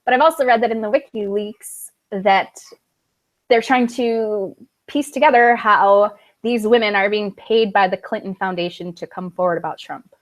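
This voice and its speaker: A woman on a talk radio show, speaking at an ordinary middle pitch. She chats casually, relaying stories she has read. Her tone stays conversational and easygoing. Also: moderate pace.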